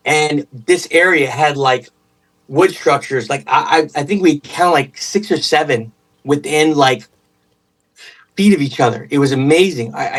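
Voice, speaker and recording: Guy on a podcast, kinda high voice, excitable, keeps restarting, sits a bit back from the mic. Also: distant mic, low-quality recording. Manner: excitable, rambling with many restarts. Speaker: podcast guest. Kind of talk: casual storytelling.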